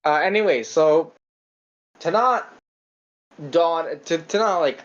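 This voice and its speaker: A man talking through a film on a casual podcast, circling his point with repeated false starts and the odd swear word. The sound is a bit dull and lo-fi, as if the high end has been trimmed off. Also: expressive, slow. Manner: rambling, stammering restarts, casual swearing. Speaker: podcast co-host. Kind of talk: casual film review chat.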